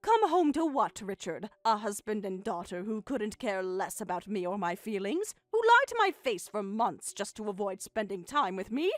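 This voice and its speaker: A woman's voice: mid-range voice, very animated, normal speed, hardly any pauses, no room sound, pitched below the performer's own voice, close to an everyday voice. A woman voicing a bitter, hurt middle-aged mother in a dramatized text-story reading, speaking in a cold, sarcastic, clipped way.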